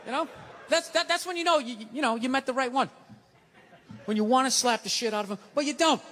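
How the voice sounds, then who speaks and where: On stage at a large live venue, a stand-up comedian rants in a profane, exasperated way, recorded in a live hall with an audience. His voice is extremely high-pitched, brisk, and a bit bright, with a little hiss or hum.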